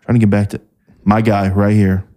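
A man co-hosting a casual podcast, joking in a deadpan way. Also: normal speed. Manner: deadpan, jokey, animated pitch jumps. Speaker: podcast co-host.

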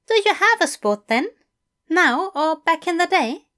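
A woman's voice: very high voice, big pitch swings, a little slow, pushed and bright, pitched above the performer's own voice, full character voice. A woman voicing a fussy, courteous male English teacher who talks in a formal, effusive way. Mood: eager.

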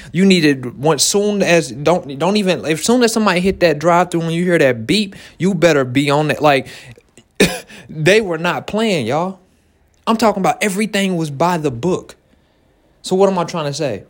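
Animated man giving a pep talk. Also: a little high. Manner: animated, repeats punchlines, laughs often. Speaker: small business owner. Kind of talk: motivational talk to entrepreneurs.

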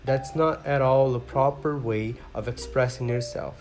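A man's voice: mid-range voice, steady tone, moderate pace, natural voice. A man voicing a polite, curious young girl who speaks primly and earnestly. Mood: earnest scolding. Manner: prim, earnest. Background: guitar music.

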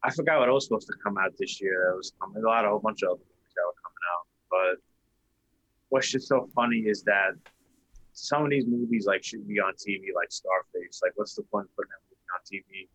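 A man's voice: lowish voice, fast talker, fairly bright tone, dry recording, rough recording. A man co-hosting a casual podcast, talking in a laid-back, rambling way. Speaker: podcast co-host.

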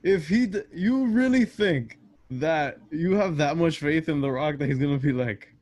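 Male co-host, higher voice, teasing casual banter. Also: animated, moderate pace, darkish tone. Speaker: podcast co-host.

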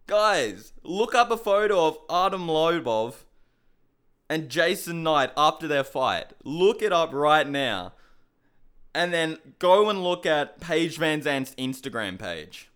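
A man's voice: fairly high pitch, sing-song, slow pace, fairly bright tone, clean tone. A young man giving a heated, incredulous rant on fighting news, swearing often. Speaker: MMA commentator. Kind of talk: ranting commentary to camera.

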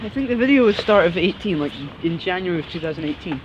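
A man's voice: high voice, lively intonation, fast talker. A young man, co-hosting a podcast as casual banter while walking around town outdoors, jokey and playful. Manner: jokey, playful, says epic a lot. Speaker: podcast co-host. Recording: loud wind noise, dull lo-fi sound.

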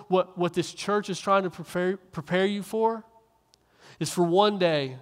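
A young male minister delivers a sermon from a stage, his voice sitting a little high for a man. He tells stories earnestly, doubling back and repeating phrases as he builds. The sound carries a long reverb from a large hall.

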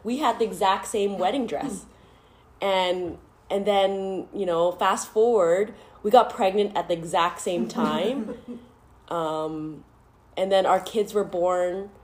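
A woman in her thirties hosts a casual chat, speaking slowly in a mid-range voice. She laughs often and becomes tearful at times.

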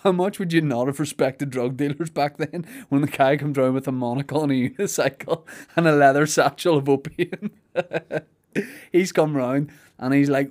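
A man's voice: on the high side, fairly even intonation, a little fast, darkish tone. A man with a Belfast accent chatting casually on a podcast, rambling and joking and acting out silly voices. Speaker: podcast host. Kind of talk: casual comedic chat.

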